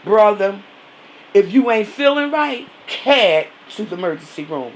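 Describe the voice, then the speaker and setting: A woman speaking straight to camera in a vlog, soothing and preacherly, repeating her reassurances. Her talk is loose and informal, full of fillers, in a mid-pitched voice over faint background noise. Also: expressive, low-quality recording. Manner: informal, drawn-out phrasing with many fillers. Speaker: vlogger. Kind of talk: encouraging vlog message.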